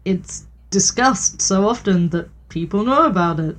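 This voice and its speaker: A woman's voice: mid-range voice, animated, unhurried. A woman co-hosting a casual film podcast, blunt and crude, with a jokey manner.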